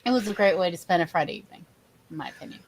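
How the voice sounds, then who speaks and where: A woman's voice: lowish voice, lively intonation, rapid-fire, rough recording. A woman joining a casual stream chat, chatty and encouraging. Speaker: stream guest.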